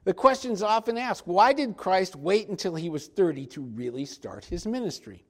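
A male pastor preaching a sermon, emphatic and slowing down to stress key points. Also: high voice, animated, a bit bright.

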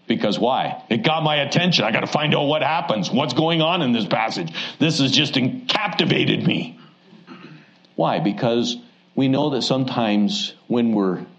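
A man's voice: fairly low pitch, lo-fi sound. A man, a pastor preaching a conversational Sunday evening sermon in a church, joking as he teaches. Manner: conversational and joking, with rising asides.

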